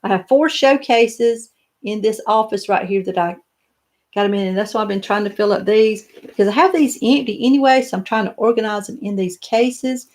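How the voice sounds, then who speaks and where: An older woman with a gentle drawl, chatting on a live stream. She talks in a loose, rambling way, full of little restarts, and answers viewer comments one after another from her home office. Her pitch sits right in the middle for a woman. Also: normal speed. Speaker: doll collector hosting a live stream. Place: home office lined with doll showcases.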